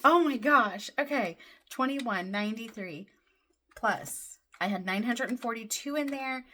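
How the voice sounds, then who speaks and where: A woman vlogging about her budget, counting cash under her breath and then gushing with excitement. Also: a little high, a little slow, noisy background. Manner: excitable, counts money aloud softly then gushes. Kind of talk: casual vlog, counting cash. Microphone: desk camera mic, off-camera voice.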